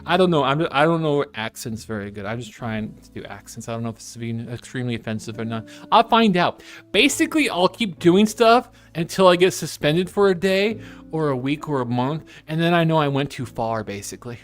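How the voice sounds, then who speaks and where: A man's voice: a little high, animated, fairly quick, soft background music. Playful rambling male streamer. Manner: playful, rambling, jumps into silly voices. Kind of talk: casual chat while drawing on stream.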